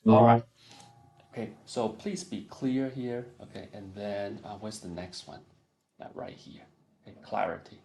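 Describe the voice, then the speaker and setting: A man's voice: lowish voice, a little slow, warm tone. A man giving a one-on-one piano lesson, coaching and singing phrases in syllables. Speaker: piano teacher.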